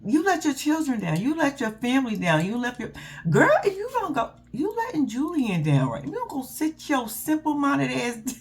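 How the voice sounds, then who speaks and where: Sassy woman, casual recap commentary, lively swooping voice, slightly high. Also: normal speed. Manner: loud, sassy and profane, laughs often. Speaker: reality TV recap host.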